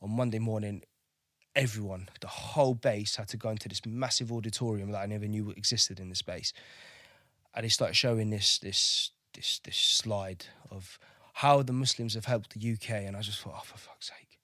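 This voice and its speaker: A man's voice: on the low side, fairly even intonation, normal speed, sharp tone, no echo, clean studio sound. A man telling his service story candidly, swearing freely and often asking "do you know what I mean". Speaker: podcast guest, navy veteran.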